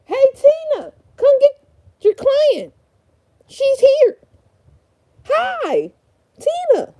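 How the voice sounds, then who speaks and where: A woman's voice: very high voice, big pitch swings, drawn-out words, warm tone, pitched above the performer's own voice, exaggerated voice. A woman voicing an overly sweet salon receptionist in a sing-song customer-service voice. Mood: chirpy.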